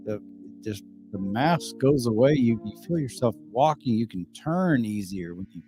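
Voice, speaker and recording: A middle-aged man, hoarse and losing his voice. He chats casually on a livestream and reads viewer comments, rambling, swearing freely, and stumbling over repeated words. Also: mid-range voice, animated, unhurried, mellow, soft background music. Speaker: livestream host.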